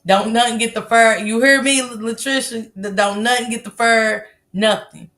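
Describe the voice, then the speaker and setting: Steady and a bit bright, her voice leans high and moves at a moderate pace. This Southern American livestream host reads comments and chats casually with viewers, swearing freely and laughing frequently.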